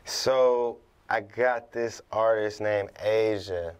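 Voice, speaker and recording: A man's voice: lowish voice, fairly even intonation, takes it slowly, clean tone, highs cut off. A man from Compton, a guest singer, talking in a laid-back casual chat. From Compton, California.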